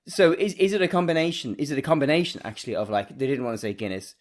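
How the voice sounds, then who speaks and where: A man's voice: medium pitch, expressive, quick pace, few pauses. A British man co-hosting a podcast in casual chat, talking with frequent laughs and restarts. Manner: chatty, laughs often, piles up restarts. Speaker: podcast co-host.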